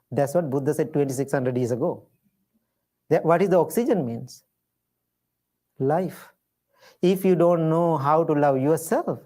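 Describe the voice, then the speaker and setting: A man, a Buddhist monk, giving a dharma talk in gentle storytelling with simple, repeated phrases. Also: on the high side. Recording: live talk to an audience.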